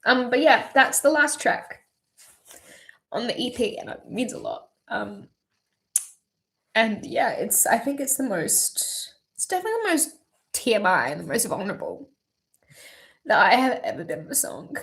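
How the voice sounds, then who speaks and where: A woman's voice: on the high side, sing-song, normal speed, long pauses, a bit bright. Teary young woman, candid and swearing. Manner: candid, swears heavily, many ums. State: teary, voice wavering. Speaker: singer-songwriter streaming live. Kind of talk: emotional livestream chat.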